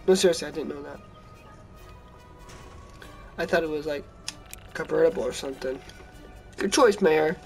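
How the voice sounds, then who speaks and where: A man's voice: on the high side, normal speed, creaky, long pauses. A man giving casual commentary over his gameplay, sleepy and yawning as he reads the game's prompts aloud. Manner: chatty, reads in-game text aloud, yawny and relaxed. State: tired, yawning. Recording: game music under the voice.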